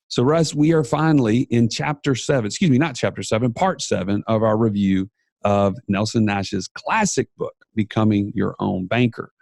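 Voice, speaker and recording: A man's voice: lowish voice, moderate pace, gravelly, darkish tone, dry recording, studio quality. A man with a Southern US accent co-hosting a podcast, playful and upbeat in casual chat. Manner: playful, hypes listeners. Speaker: podcast co-host.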